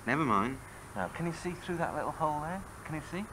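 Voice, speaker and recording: Speaking quickly in a fairly high pitch, a father playfully coaxes and teases his toddler at home as he shoots a camcorder video. The built-in camcorder mic picks up background noise, and his tone stays animated throughout.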